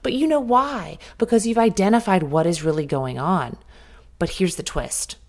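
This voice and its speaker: A woman's voice: on the low side, moderate pace, darkish tone. A middle-aged woman hosting a solo motivational podcast, talking candidly and directly as she coaches her listeners. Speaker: podcast host.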